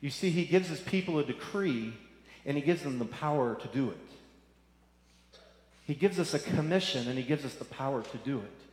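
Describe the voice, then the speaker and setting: A man's voice: mid-range voice, expressive, moderate pace, darkish tone. A man preaching a sermon, earnest and repeating phrases for emphasis. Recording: echoey hall.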